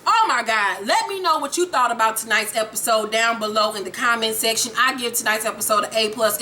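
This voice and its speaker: A young woman casually recapping a TV episode, profane and animated, acting out the characters as she retells scenes. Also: a little high, slight background noise. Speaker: TV recap reviewer.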